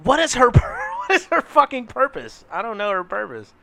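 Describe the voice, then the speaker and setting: A man's voice: very high voice, huge pitch swings, moderate pace, vocal fry, bright, forceful tone, no echo. A young man co-hosting a podcast in casual chat, playful and teasing, often trailing off in fillers. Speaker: podcast co-host.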